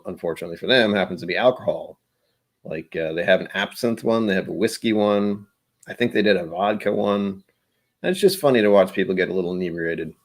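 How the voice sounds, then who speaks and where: A man hosting a casual livestream, chatting and rambling, often trailing off into quiet asides. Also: sits low. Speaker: livestream host.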